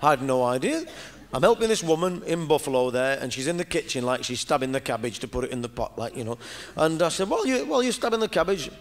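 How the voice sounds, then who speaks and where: Chatty Lancashire comedian, lively pitch. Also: male voice, fast. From Lancashire, England. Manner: chatty, rambling, lots of "you know". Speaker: stand-up comedian. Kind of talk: stand-up comedy storytelling. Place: stage in front of a live audience. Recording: live stage recording with noise.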